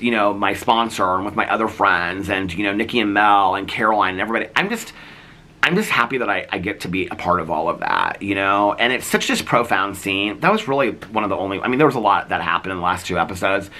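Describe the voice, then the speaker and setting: Male vlogger with a low pitch, casual, heartfelt, meandering filler-heavy talk. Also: sharp tone. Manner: rambling, heavy use of "like"; earnest and heartfelt. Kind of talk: casual chat.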